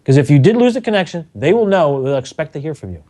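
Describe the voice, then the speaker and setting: Middle aged guy spinning work stories, lively, acts out everyone, voice sits a bit high. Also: fast talker. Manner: animated storyteller, acts out quotes, laughs often. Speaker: radio engineer guest. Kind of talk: telling anecdotes on a talk show.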